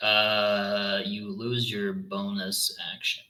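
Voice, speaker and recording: A man's voice: on the low side, completely flat delivery, slow, noisy background. A man running a tabletop game as dungeon master, making rulings and correcting himself with apologies.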